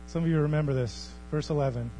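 A man preaching a sermon as pastor, swinging from hushed, almost whispered passages to loud, thundering ones. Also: a little high, quick pace, low-quality recording. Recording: faint mains hum.

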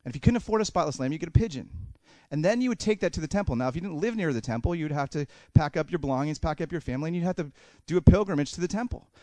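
A man preaching a sermon as a pastor, animated, voicing the thoughts of people in the story and swinging between loud bursts and hushed asides. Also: fairly high pitch, racing, hardly any pauses, dry recording.

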